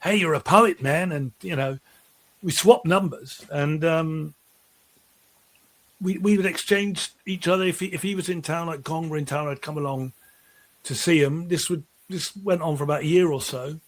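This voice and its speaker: A middle-aged musician with a fairly high voice appears as a guest on an interview show, talking at a normal speed. Casual and chatty, he spins long, animated, rambling stories and keeps restarting his sentences.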